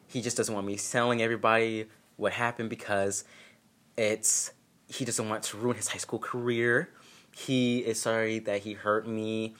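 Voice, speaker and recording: A man's voice: on the low side, level tone, normal speed, a bit bright. A young man casually telling a personal story, candid and profane with self-mocking humor.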